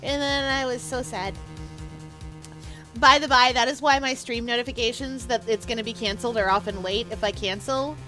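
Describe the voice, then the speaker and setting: A woman's voice: on the high side, steady tone, moderate pace, pushed and bright, soft background music. A young woman streaming a game, chatting casually and rambling through stories with frequent laughs. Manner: chatty, rambling storyteller who laughs often. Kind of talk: casual livestream chat over gameplay.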